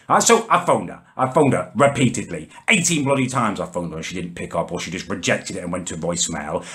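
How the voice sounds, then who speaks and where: A man with a somewhat low voice rants to camera in a comic vlog. He sounds exasperated and indignant and swears freely. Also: fairly bright tone. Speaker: comedy vlogger.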